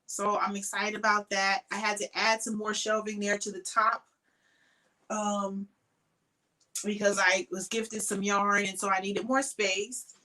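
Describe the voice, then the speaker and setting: A tired woman chats through a crochet livestream from her craft shed at home. She greets viewers by name and trails off with ums. Her voice is bright and clear, with a mid pitch. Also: little pitch movement, measured pace, poor audio. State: tired, sleepy. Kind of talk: casual livestream chat.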